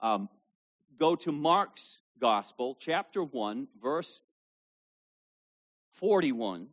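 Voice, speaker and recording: A male pastor preaching a sermon to a congregation with kids present, reading scripture loudly and dropping low for asides. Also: sing-song, extremely slow, lo-fi sound. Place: church service with children present.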